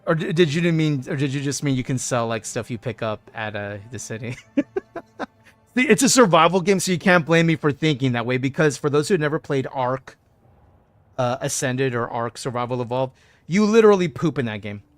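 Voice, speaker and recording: A man streaming a game live, chatting excitedly and answering messages from his chat. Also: medium pitch, brisk, dry recording, soft background music. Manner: excitable, chatty, keeps saying "dude". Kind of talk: casual live gameplay commentary.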